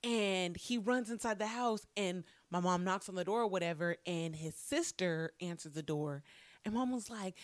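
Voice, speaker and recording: Animated, profane young woman telling a story. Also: lowish voice, normal speed, no echo. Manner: animated, profane, acts out quotes. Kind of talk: casual storytelling.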